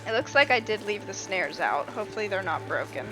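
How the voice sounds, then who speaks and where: A woman's voice: medium pitch, sing-song, a little fast, over music. A woman streaming a game, chatting casually in rambling anecdotes, laughing often and filling her talk with "like". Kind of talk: casual chat while gaming.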